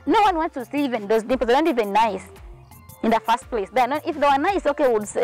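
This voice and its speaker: A woman's voice: high voice, lively intonation, quick pace, darkish tone, soft background music, poor audio. A woman vlogger talking straight to her viewers in an outspoken, scolding way. She is sweating in the heat as she talks. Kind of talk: casual vlog rant.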